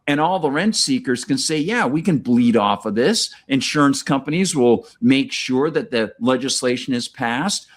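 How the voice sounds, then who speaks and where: Man, podcast host, casual chat, rambling, restarts, mid pitch. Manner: rambling, many restarts and fillers. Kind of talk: casual conversation.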